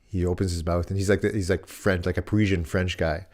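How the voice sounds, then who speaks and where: Male podcast co-host, very low voice, casual, meandering storyteller. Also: steady tone, fast talker, a little mellow. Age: adult dad. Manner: rambling, many restarts and "like" fillers.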